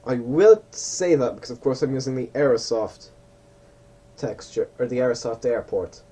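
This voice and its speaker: A man's voice: medium pitch, animated, normal speed, mellow, slightly rough, low-quality recording. A man giving casual commentary while playing a flight simulator, thinking aloud and correcting himself as he goes.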